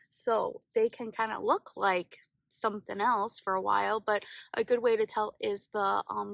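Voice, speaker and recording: A woman's voice: medium pitch, vocal fry, fairly bright tone, no echo, poor audio. A woman co-hosting a podcast in a casual, rambling chat full of fillers. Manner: chatty, rambling with many fillers. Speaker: podcast co-host.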